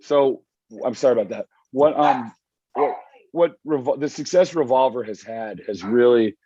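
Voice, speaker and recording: Guest, male, mid pitch, chatty and excitable, restarts his sentences, a little muffled over a remote call. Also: normal speed, husky, dry recording. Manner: rambling, enthusiastic, frequent restarts. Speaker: magazine editor guest. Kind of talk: casual interview chat. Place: home with dog and wife nearby.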